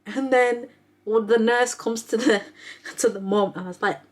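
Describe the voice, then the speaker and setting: A woman's voice: on the high side, normal speed. A young adult woman chatting casually about books she read, rambling and filling her talk with "like". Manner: chatty, rambling, heavy use of "like" fillers. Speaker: book reviewer, neonatal nurse. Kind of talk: casual book review chat.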